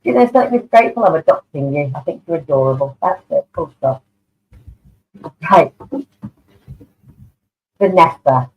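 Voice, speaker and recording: A woman's voice: deep voice, animated, normal speed, pauses often, a little hiss or hum. A woman giving live online tarot card readings, affectionate and chatty, calling people darling. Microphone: online video stream. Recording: tinny phone-like online audio.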